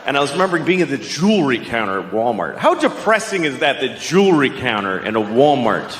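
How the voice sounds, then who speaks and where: Ranting stand-up comedian, lively pitch. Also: male voice, a little fast, roomy sound, in a large hall. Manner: ranting, profane, jumps into shrill yelling bits. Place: comedy club stage. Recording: live set with clear audience noise.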